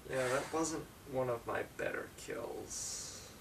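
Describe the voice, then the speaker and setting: Casting: a man doing an unbothered killer double of himself, deadpan, with a lively, swinging pitch, picked up from a distant camera. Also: moderate pace, background noise. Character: young man's homicidal double, deadpan and unbothered.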